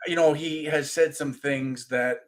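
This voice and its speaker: A man hosting a casual conversation, speaking in a measured, hedging way with frequent restarts. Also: a little high, fairly even intonation. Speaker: podcast host.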